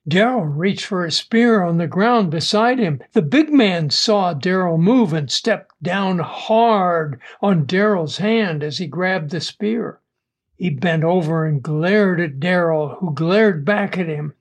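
Slow, high-voiced male storyteller. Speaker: audiobook narrator. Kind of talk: first-person story narration.

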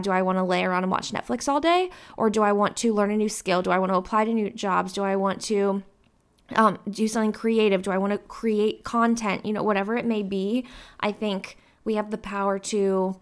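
A woman's voice: medium pitch, fairly even intonation, brisk, clear, resonant tone. A woman in her twenties hosting her own podcast, rambling in a casual, upbeat way with lots of fillers. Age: 20s. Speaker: podcast host. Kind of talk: casual solo podcast talk.

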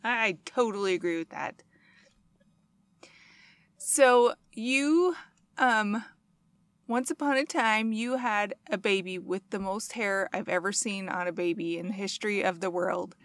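Slow-speaking woman interviewer. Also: mid-range voice, a bit bright, no echo. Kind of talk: conversational interview.

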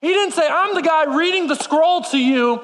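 Male preacher, high-pitched, passionate sermon delivery, recorded in a reverberant hall. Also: normal speed, fairly bright tone. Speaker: pastor.

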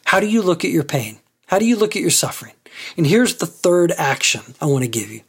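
A man's voice: on the high side, husky. A man preaching a sermon as a pastor, conversational and full of rhetorical questions.

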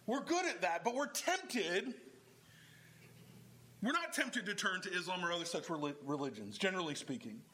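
A man's voice: high-pitched, moderate pace, poor audio. A man preaching a sermon, talking through the text and acting out the voices of the people he quotes. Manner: animated, acts out quoted voices of others. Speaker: pastor.

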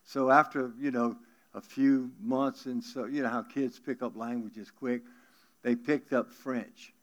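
A man's voice: mid-range voice, fairly even intonation, measured pace, lo-fi sound. A man in his seventies with a South Louisiana accent, preaching in a folksy, joking way to a congregation. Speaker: guest pastor. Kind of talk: folksy storytelling sermon.

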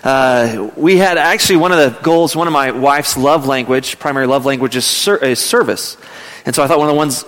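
Male pastor, sermon storytelling, slightly high voice, long hall reverb. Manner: storytelling, rising to loud acted yelling in anecdotes. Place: church sanctuary.

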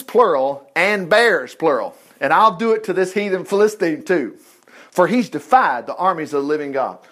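A man's voice: sits high, fairly bright tone. Folksy man teaching a Bible story. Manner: folksy, chatty, with asides and restarts. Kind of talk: casual Bible-study teaching.

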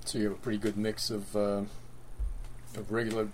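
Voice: medium pitch, level tone, fairly quick, a little hiss or hum. A host asking a guest a question in a casual chat, with short reactions.

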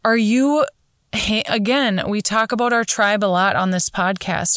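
A woman's voice: mid-range voice, smooth, dry recording, studio quality. A woman in her thirties hosting a podcast, talking earnestly and encouragingly straight to her listeners. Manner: earnest, encouraging, addresses listeners as "you guys". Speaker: podcast host. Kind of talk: motivational podcast monologue.

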